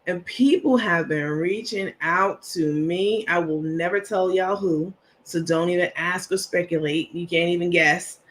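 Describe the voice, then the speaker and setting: A woman's voice: lowish voice, unhurried, few pauses, slight background noise. Casting note: woman host, chatty and laughing, casual livestream chat. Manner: chatty, greets viewers by name, laughs often.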